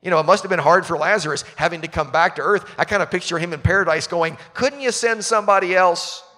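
A man's voice: a little high, fairly even intonation, fast talker, pushed and bright. A man preaching a sermon as pastor, talking conversationally and asking his listeners questions. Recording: long reverb of a large hall.

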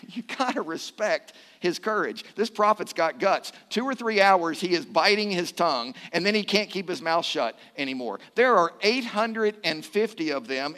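High voiced pastor guy preaching, jokey and animated, big echoey hall. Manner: animated, joking with the congregation. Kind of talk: sermon with responsive reading.

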